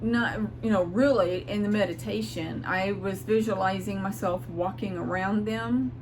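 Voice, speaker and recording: A woman recounts a spiritual experience in an earnest, emotional, rambling way, circling back with restarts and sometimes close to tears. Her voice sits in a middle pitch, with a faint hum of noise behind it in a home room. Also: fairly even intonation, moderate pace, darkish tone. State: near tears at times. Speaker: spiritual vlogger. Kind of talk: casual personal storytelling.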